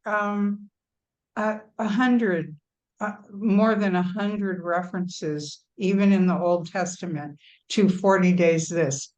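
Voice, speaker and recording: A woman's voice: lowish voice, a little mellow, low-quality recording. A woman author in a webinar discussion, thinking aloud reflectively with many fillers over a video call. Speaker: astrology author.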